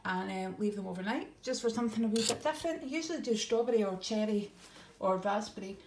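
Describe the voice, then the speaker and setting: A woman's voice: mid-range voice, lively intonation, fast. Chatty woman in an echoey room. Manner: chatty, homely, frequent ums. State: a bit out of breath. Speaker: vlogger. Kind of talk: casual grocery haul chat. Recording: echoey room, faint noise.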